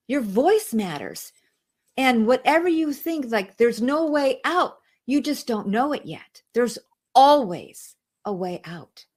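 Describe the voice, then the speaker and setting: A woman's voice: on the high side, big pitch swings, slow pace, darkish tone. Earnest woman telling her story. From outside the United States. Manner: earnest, repeats phrases for emphasis. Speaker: interview guest. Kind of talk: emotional personal testimony.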